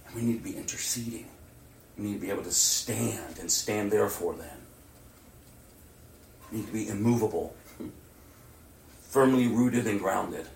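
A man preaching a sermon as pastor, animated, swinging between loud outbursts and near-whispers. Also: fairly low pitch, vocal fry. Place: church. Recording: roomy and distant mic with faint ambience.

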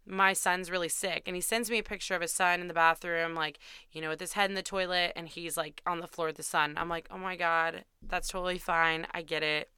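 A woman's voice: fairly low pitch, steady tone, fairly quick, few pauses, sharp tone, clear, resonant tone, dry recording, clean studio sound. A young woman host telling a candid, self-deprecating dating story in a chatty way, swearing freely. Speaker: podcast host.

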